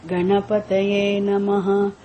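A woman teaching a class on Sanskrit mantras. She explains patiently, often repeats and restarts her phrases, and chants some lines slowly. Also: medium pitch, monotone, dull audio.

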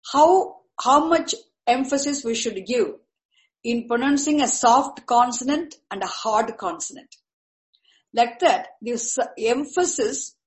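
A woman teaching Sanskrit terms, speaking deliberately and repeating each key word. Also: sits high. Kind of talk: slow explanatory lecture. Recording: echoey room.

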